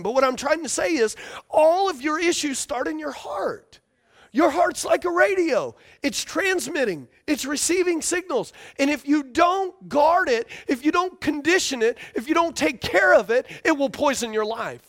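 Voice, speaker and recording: A man's voice: very high-pitched, fairly bright tone. A man preaching a sermon as a pastor, emphatic and repetitive, often asking the congregation for responses.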